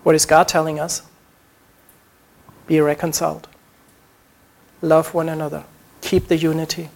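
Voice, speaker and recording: A man's voice: on the high side, little pitch movement, unhurried, creaky, a little mellow. A man preaching a sermon, earnest, acting out short quoted prayers as he teaches.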